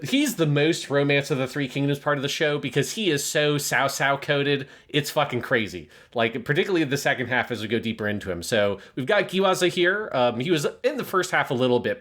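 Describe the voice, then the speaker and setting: Man rambling eagerly in mid pitch. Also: lively intonation, brisk, hardly any pauses, a bit bright. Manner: enthusiastic, rambling, casual swearing. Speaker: podcast co-host. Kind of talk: casual review chat.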